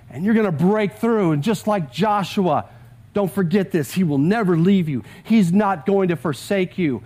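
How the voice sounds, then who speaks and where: Texan pastor guy preaching, fairly high voice, keeps getting the crowd to say verses back. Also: moderate pace, warm tone. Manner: urges the congregation to repeat scripture aloud. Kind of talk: sermon.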